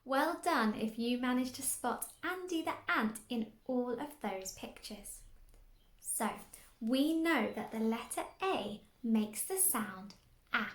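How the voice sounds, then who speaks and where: A young woman teaching phonics to small children, slow and exaggerated, asking questions and giving lots of praise. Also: a little high, animated, reverberant. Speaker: early years phonics teacher. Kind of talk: sing-song lesson for small children.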